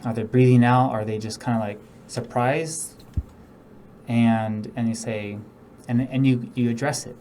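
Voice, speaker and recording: A man's voice: mid-range voice, steady tone, a little slow, mellow, slight background noise. A man teaching real estate negotiation in a casual, instructional way, often acting out example speakers. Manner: casual, demonstrates tones and acts out example speakers. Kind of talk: instructional talk.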